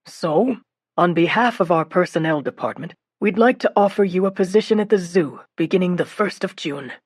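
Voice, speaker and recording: A kindly older man, a zoo director in a storybook audiobook, speaking slowly and formally with warm pauses, as a woman narrator lowers her voice to play him. His tone sits a little low and the read is dry and close, with no room sound around it. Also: expressive, slightly rough, no echo. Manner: measured, pausing, friendly.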